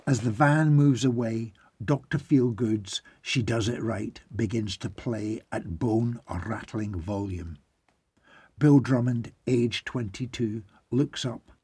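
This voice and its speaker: Mellow husky man narrating slowly. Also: medium pitch, dry recording. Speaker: audiobook narrator. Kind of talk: scripted narration.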